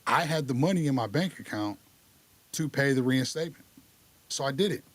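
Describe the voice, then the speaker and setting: A man's voice: mid-range voice, fairly quick. A man telling his recovery story on a podcast in a candid, casual way. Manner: candid, lively retelling with acted dialogue.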